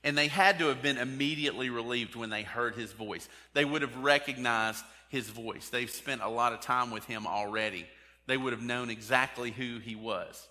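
Bright-voiced preacher in a reverberant hall. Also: male voice, mid-range voice. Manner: conversational, asks the congregation direct questions. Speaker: pastor. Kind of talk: sermon.

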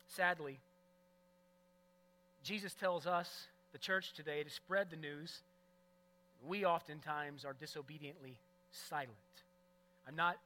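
High-voiced, bright-toned man preaching. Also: poor audio. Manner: earnest, emphatic preaching with swings from loud to hushed. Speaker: pastor. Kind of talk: sermon.

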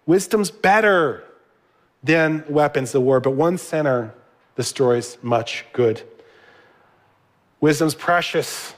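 A man's voice: fairly high pitch, slow, long pauses. A middle-aged man giving a sermon as a pastor, conversational, with asides to the congregation.

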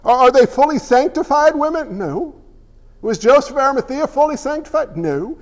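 Male pastor, very high voice, animated sermon, long hall reverb. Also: moderate pace. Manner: animated, acts out little voices.

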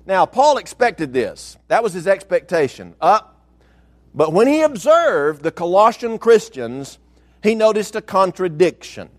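A pastor preaching a sermon, with emphatic delivery and slowed, stressed phrases. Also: male voice, high voice.

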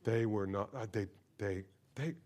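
A man preaching a sermon, expressive and emphatic, moving from quiet explanation to loud, impassioned emphasis. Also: lowish voice, measured pace. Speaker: pastor.

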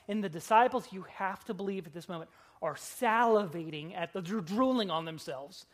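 A pastor preaching a sermon to a congregation in a church. They talk dramatically, with humorous asides, and swing from loud emphasis to hushed, low lines. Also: moderate pace. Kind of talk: expository sermon.

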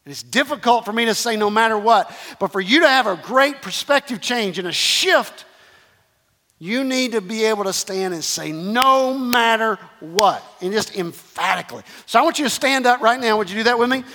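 A man's voice: high voice, expressive, fairly quick, bright, forceful tone, big-room sound. A man preaching a sermon, repeating phrases emphatically and calling the congregation to respond. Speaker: pastor.

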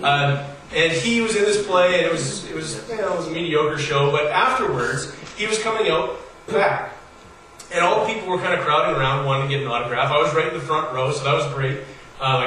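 A pastor preaching a sermon. He tells stories in a casual, conversational way and pushes his emphasis higher as he builds each point. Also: sharp tone. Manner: storytelling, conversational with rising emphasis. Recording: very echoey hall, voice from far off, faint noise.

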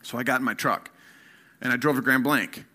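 Bright-voiced man sharing a candid testimony. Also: medium pitch, steady tone. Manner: halting storytelling with many fillers and restarts; earnest, candid. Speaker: guest speaker. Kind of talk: personal testimony sermon.

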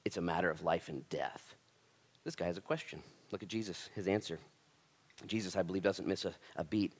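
A male pastor preaching in a relaxed, everyday way. His voice climbs high and loud on key points, then drops low and quiet. He talks to his listeners directly and keeps it informal. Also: a little fast, breathy edge. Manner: casual and conversational, swings from loud emphatic to quiet intense. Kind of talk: sermon.

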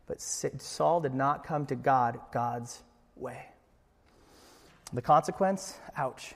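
A man preaching a sermon as pastor, acting out the dialogue with big, loud swings in voice. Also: a little high, unhurried, creaky, long reverb tail.

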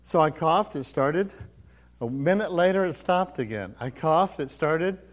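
An older man tells his personal testimony in a slightly high voice. He quotes others along the way and laughs often. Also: expressive, unhurried. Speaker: preacher giving testimony.

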